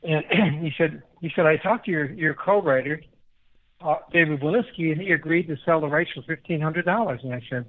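Older man from Chicago, interview guest; slightly raised pitch, rambling anecdotes, heard through a thin phone-style line. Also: a little fast, phone-quality sound. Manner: animated, rambling anecdotes with many restarts. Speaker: guest musician. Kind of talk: casual interview storytelling.

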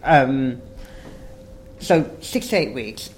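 A man's voice: mid-range voice, animated, very slow, a little hiss or hum, low-quality recording. A man from England chatting casually about football as a co-host, hesitant, with frequent restarts. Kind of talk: casual chat.

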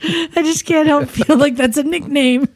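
A woman hosting a casual chat show from a garage studio, bubbly and quick to laugh. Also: high voice, steady tone, dry recording. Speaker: podcast host.

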